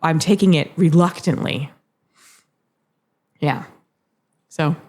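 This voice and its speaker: A woman co-hosting a comedy podcast, telling an absurd story in a deadpan way. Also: sits low, slow pace. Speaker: podcast co-host. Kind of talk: improvised comedy chat.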